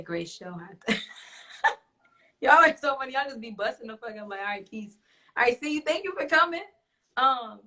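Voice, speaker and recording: A young woman hosts a talk show. She has a bright, forceful voice and talks bluntly, swearing and laughing often with her audience. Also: lowish voice. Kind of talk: casual chat to a live audience.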